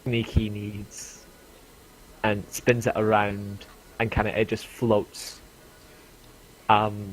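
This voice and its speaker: A man narrating as game master for a tabletop game, with halting, um-filled delivery. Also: fairly low pitch, monotone, poor audio.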